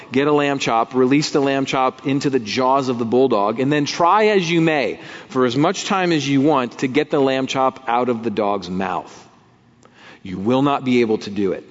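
A man's voice: mid-range voice, muffled recording. Man preaching with long hall reverb. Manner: conversational preaching with vivid imagery and acted quotes. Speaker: pastor. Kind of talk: sermon.

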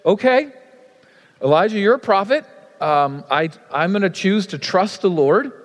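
Preacher doing a resigned famine widow, fairly high voice, long echo, church reverb. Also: male voice, expressive, measured pace. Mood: trusting.

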